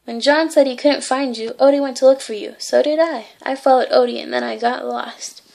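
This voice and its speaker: A sweet, eager little girl from a picture book, as a woman reads her lines. Her voice is high and bright-toned with a light gravelly grain. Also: fairly even intonation, brisk. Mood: friendly. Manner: eager, friendly. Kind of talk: reading a storybook aloud.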